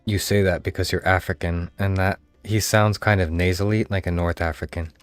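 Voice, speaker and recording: A man's voice: low voice, fairly even intonation, fairly quick, clear, resonant tone, no echo. An American man casually commentating his role-playing game session with joking, irreverent remarks. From United States. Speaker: gaming streamer. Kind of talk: casual let's-play commentary. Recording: voice over game audio with music.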